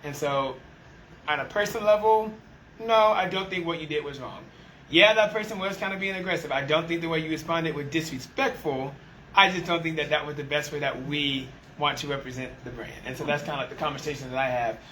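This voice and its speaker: A man who leads a restaurant team, chatting casually and acting out the exchanges in his stories with lively energy. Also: fairly high pitch, brisk, a little hiss or hum, rough recording. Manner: animated storyteller, acts out quoted exchanges. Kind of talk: casual conversation.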